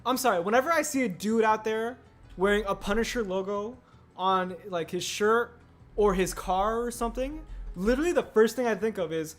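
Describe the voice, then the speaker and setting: A man's voice: high-pitched, moderate pace. A young man streaming casually, rambling and answering chat aloud as he builds. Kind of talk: casual livestream chat while building a set. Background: faint music.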